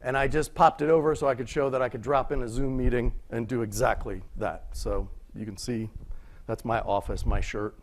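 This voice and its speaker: In a lecture room, a male conference speaker delivers his talk conversationally, often posing rhetorical questions and checking in with "right?". His voice sits at a medium pitch with fairly even intonation and normal speed, over a slight hiss or hum.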